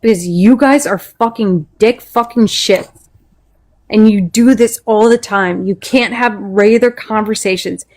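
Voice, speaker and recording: A woman's voice: mid-range voice, measured pace, darkish tone. An angry woman in a heated live-stream argument, swearing constantly as she vents. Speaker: panel speaker.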